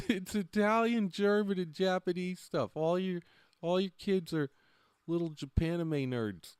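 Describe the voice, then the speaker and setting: Guy rambling on his stream, kinda high voice, laughs a lot, dead dry room. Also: slow pace, long pauses, clean tone, no room sound. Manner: rambling, laughs often, trails off mid-sentence. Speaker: livestream host. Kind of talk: casual livestream chat.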